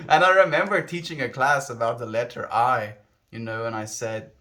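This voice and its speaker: A South African livestreamer chats casually with his stream viewers in his South African accent, rambling and reflective, often correcting himself mid-sentence. His mid-range voice sounds pushed and bright at a normal speed.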